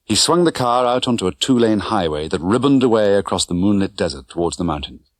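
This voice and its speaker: A man narrating an audiobook with an expressive, dramatic reading. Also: lowish voice, a little fast, no echo. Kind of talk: scripted narration. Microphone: close studio mic.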